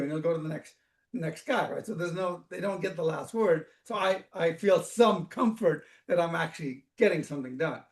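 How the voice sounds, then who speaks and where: Animated high-voiced man telling stories. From Africa. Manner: animated, conversational, with many restarts. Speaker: guest speaker. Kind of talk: storytelling talk. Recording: echoey room.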